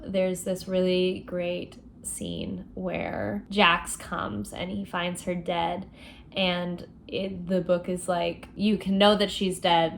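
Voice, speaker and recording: A woman's voice: on the low side, vocal fry, slight background noise. Chatty young woman recapping a book. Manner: chatty, expressive, frequent fillers and laughs. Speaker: book vlogger.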